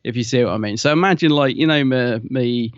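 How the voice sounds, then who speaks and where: A man's voice: medium pitch, a little fast, no room sound. Self-deprecating man, slightly muffled. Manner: animated, self-deprecating, acts out quotes. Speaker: podcast co-host. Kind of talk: casual podcast chat.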